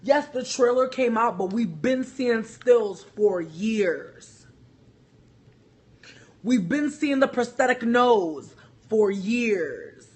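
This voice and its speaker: High, husky man ranting heatedly. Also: animated, takes it slowly. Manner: heated, profane, repetitive. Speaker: vlogger. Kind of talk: opinion rant to camera.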